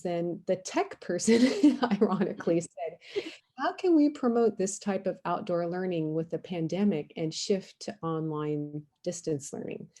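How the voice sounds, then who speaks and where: A woman's voice: fairly low pitch, mellow. A woman moderating a panel, asking guests questions and affirming their answers. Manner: encouraging, frequent affirmations.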